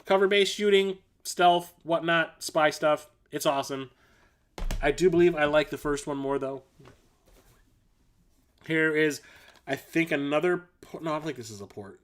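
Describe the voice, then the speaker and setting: This livestream host pauses often as he walks through his game collection at a moderate pace, his pitch fairly high. His enthusiastic rambling is full of fillers and self-corrections, delivered bluntly and casually with some mild swearing.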